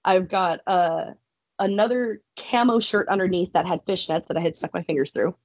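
A woman's voice: on the low side, normal speed, darkish tone, dry recording, muffled recording. A young woman on a podcast telling a personal story casually, swearing freely and laughing often. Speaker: podcast guest, wrestler.

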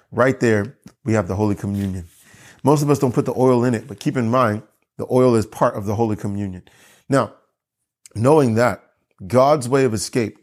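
A man preaching to his church, earnest and emphatic, slowing down on key phrases and correcting himself as he goes. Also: mid-range voice, darkish tone. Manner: earnest preaching with pauses, slow emphatic repeats; self-correcting asides. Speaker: pastor. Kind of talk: sermon.

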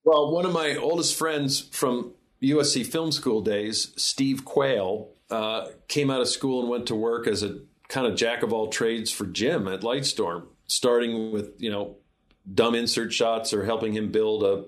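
A film director, guesting in a casual interview, tells long, rambling behind-the-scenes anecdotes and keeps restarting his sentences. He speaks a little slowly in a mid-range voice.

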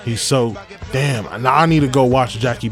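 A man's voice: medium pitch, moderate pace, soft background music. Profane rambling male podcast host. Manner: profane, repetitive shout-outs, loose slangy delivery. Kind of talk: rambling casual monologue.

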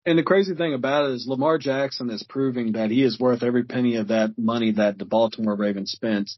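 A man appearing as a guest on a football podcast, rambling as he searches for names and fills pauses with "I mean". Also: medium pitch, no echo. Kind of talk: casual sports chat. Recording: dull lo-fi remote audio.

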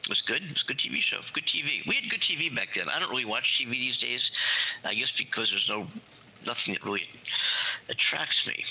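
A man's voice: mid-range voice, animated, fast talker, gravelly, bright, forceful tone, slightly rough, low-quality recording. An American man co-hosting a radio talk show, rambling playfully and joking as he chats from his studio. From USA. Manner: playful, rambling, sings snatches and jokes. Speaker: radio co-host. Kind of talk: casual talk radio chat. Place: home studio, alone.

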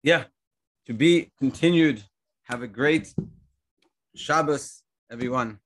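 A man gives a relaxed Torah class with a bright, forceful voice, and his pitch sits right in the middle. He tells stories in a lively, conversational way, often stopping to restart a phrase and repeating words as he goes. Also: takes it slowly. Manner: animated storytelling with many restarts. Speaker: rabbi teaching a class.

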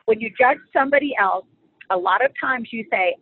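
Husky-voiced woman teaching on faith. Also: a little high, brisk. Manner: animated and humorous, acts out quoted lines. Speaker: guest speaker on marriage and faith. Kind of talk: faith-based conversational teaching. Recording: phone-like dry audio.

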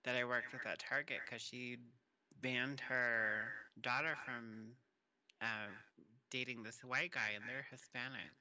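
A man's voice: medium pitch, fairly even intonation, bright, forceful tone, slight background noise, low-quality recording. A man in casual chat who laughs freely and swears while telling work stories. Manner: laughs freely, profane, quick reactions.

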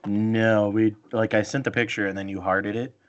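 A man's voice: on the low side, moderate pace, lo-fi sound. A man co-hosting a casual podcast, joking and talking over his friends. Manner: jokey, animated, talks over others. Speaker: podcast co-host. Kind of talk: casual banter.

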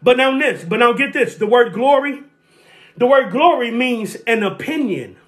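A preacher delivering a sermon, repeating key phrases, calling for responses and shouting at the peaks. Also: medium pitch, animated, moderate pace. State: sweating.

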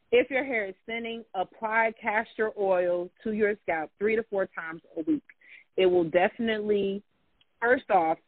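A man's voice: high-pitched, no room sound. A man hosting a podcast, chatting casually and giving advice straight to his listeners. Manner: chatty, gives hair tips, often addresses listeners as "y'all". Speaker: podcast host. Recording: tinny phone-like line.

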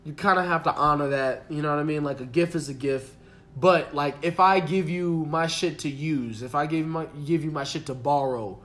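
A man's voice: on the high side, moderate pace. A man on a casual podcast, telling a story with lots of laughter and acted-out quotes. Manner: animated, laughs often, acts out quotes. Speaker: podcast guest.

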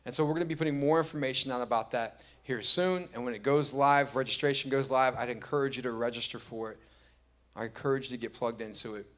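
Talking fast in a fairly bright, mid-range voice, a middle-aged pastor delivers a sermon. He starts with relaxed storytelling and rises to emphatic, repeated lines.

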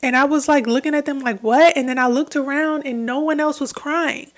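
High-voiced woman hosting a spiritual podcast. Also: fairly even intonation, fairly quick. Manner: earnest, reflective, repeating phrases for emphasis. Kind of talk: solo spiritual podcast talk.

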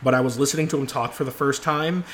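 A man's voice: medium pitch, steady tone, fast talker, a bit bright, slight background noise. A man co-hosting a podcast in casual chat, loose and joking. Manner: loose and joking, many fillers. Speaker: podcast co-host.

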